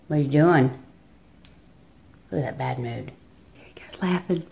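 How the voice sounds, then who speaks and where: A woman's voice: sits low, moderate pace, creaky, a little mellow, slight background noise. A woman chatting to her pet parrot, coaxing and scolding it with exasperated, sing-song remarks. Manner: coaxing, exasperated, talks to the bird in a baby voice. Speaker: parrot owner. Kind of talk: casual chat to a pet parrot. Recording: music playing in the background.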